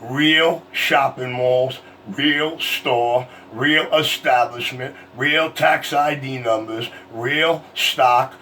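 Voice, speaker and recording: A man's voice: mid-range voice, steady tone, very slow, few pauses, bright, forceful tone. Man, boastful, profane, combative, CB radio argument, faint background hiss. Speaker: CB radio operator. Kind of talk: heated on-air argument.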